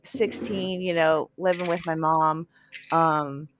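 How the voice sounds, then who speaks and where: A woman's voice: sits low, steady tone, slow, a bit bright, slight background noise. Loose, swearing woman telling stories. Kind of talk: casual chat.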